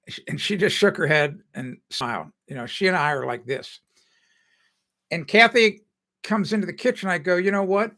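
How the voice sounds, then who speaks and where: Bright-voiced chatty man hosting a live stream. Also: high voice, big pitch swings, normal speed, pauses often. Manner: rambling, chatty, laughs often, self-correcting. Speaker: home improvement show host. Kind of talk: casual live stream chat.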